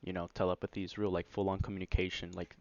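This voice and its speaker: Low-voiced man rambling through a story. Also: quick pace, dry recording. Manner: rambling, full of "like" and "you know" fillers; excited, animated retelling. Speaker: vlogger. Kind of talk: casual first-person storytelling. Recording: dry, slightly dull lo-fi recording.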